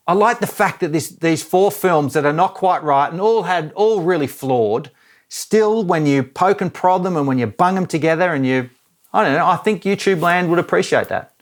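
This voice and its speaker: A man's voice: fairly high pitch, normal speed. A man in his thirties chatting casually and reflectively as a vlogger, rambling and self-mocking. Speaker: filmmaker and vlogger.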